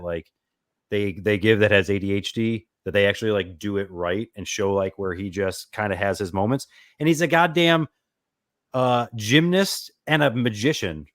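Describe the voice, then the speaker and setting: A low-voiced man makes his case earnestly on a casual podcast. He grows enthusiastic as he argues. The sound is dry and close. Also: no room sound. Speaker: podcast guest. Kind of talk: casual banter among friends.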